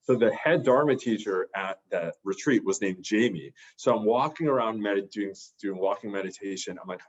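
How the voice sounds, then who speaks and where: A man's voice: fairly low pitch, brisk, few pauses, highs cut off. A man, a therapist, telling a personal story in a casual, rambling way with many restarts. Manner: rambling, full of restarts and fillers. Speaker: podcast guest, therapist.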